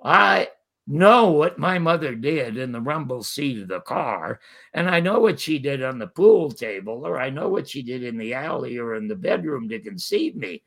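An older man telling animated stories as a guest, quoting the people in them. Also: medium pitch, moderate pace, gravelly. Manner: animated storyteller quoting others. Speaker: guest storyteller. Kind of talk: casual interview anecdotes.

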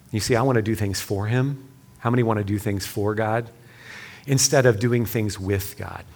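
A man giving a sermon-style session, telling a personal story and then leading a quiet, earnest prayer. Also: medium pitch. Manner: earnest storytelling, drops to soft hushed prayer. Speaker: speaker leading a church session.

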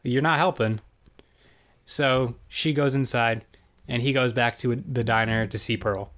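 A man's voice: mid-range voice, steady tone, unhurried, a bit bright. A man co-hosting a podcast, recapping a cartoon episode in casual, rambling chat full of "like" and "basically". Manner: rambling, filler-heavy storytelling. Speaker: podcast co-host.

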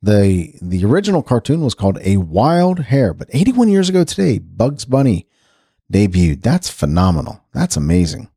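A man's voice: medium pitch, big pitch swings, normal speed, vocal fry, warm tone, slightly rough, no echo, studio quality. A man hosting a casual radio segment, reading weather and birthdays in a chatty, rambling way. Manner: chatty, rambling, self-correcting. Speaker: radio host.

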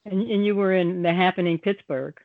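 A woman's voice: on the low side, fairly even intonation, fairly quick, dry recording, phone-quality sound. An older woman, a grandmother, hosting a community radio talk show in a playful, chatty way. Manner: playful, jokey, chatty with fillers. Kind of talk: casual radio chat. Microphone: studio microphone.

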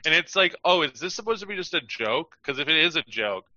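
A man co-hosting a casual chat, halting and leaning on "like", on a dull lo-fi mic. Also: a little high, very animated, pushed and bright, dry recording. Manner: halting, heavy use of "like". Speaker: podcast co-host.

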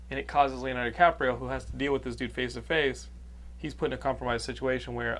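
A man's voice: mid-range voice, fast talker, slight background noise. A man from Texas hosting a podcast, reviewing a movie in rambling, casual chat with lots of fillers and swearing. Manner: rambling, animated, swears freely. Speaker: podcast host.

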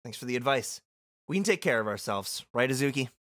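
A man's voice: mid-range voice, expressive, a little fast, a bit bright, no echo, clean studio sound, lightly acted. A man voicing a blunt, cool-headed young woman, reading game lines on a podcast. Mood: matter-of-fact.

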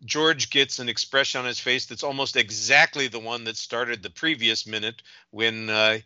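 A man's voice: mid-range voice, fairly even intonation, moderate pace, bright, forceful tone, no echo, lo-fi sound. A man guesting on a casual movie podcast who talks in a wry, teasing way.

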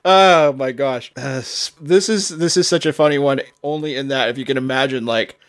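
A man's voice: mid-range voice, moderate pace, a bit bright. A man co-hosting a podcast, telling rambling stories in casual chat and slipping into jokey bits. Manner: jokey, rambling storyteller with bursts of silly voices. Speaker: podcast co-host.

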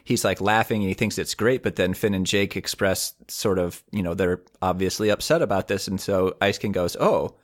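A man with a fairly low voice walks through what happened in an episode, speaking in a steady, explanatory way. He sounds relaxed and conversational. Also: fairly quick, hardly any pauses. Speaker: podcast co-host. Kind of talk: casual episode recap chat.

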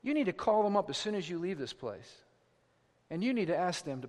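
A middle-aged pastor with a high voice preaches in a big church hall, and long reverb trails each phrase. He drops to hushed pleading, then climbs to loud, insistent exhortation. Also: sing-song, quick pace. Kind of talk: sermon.

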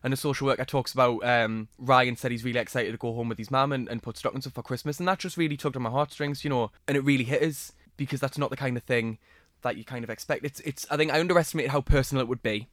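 A man's voice: mid-range voice, steady tone, fast talker, fairly bright tone, no room sound, studio quality. A man reflectively telling a personal story as a podcast guest, with some hesitations.

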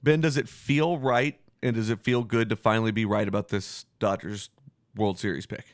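A man's voice: on the low side, steady tone, normal speed, no echo, studio quality. Blunt, joking podcast host man. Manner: joking, blunt, swears freely. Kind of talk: casual podcast banter.

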